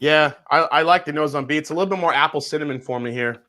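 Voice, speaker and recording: A man's voice: on the high side, fast talker. A man hosting a casual livestream tasting chat, joking and playful. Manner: jokey, animated, playful. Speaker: livestream host.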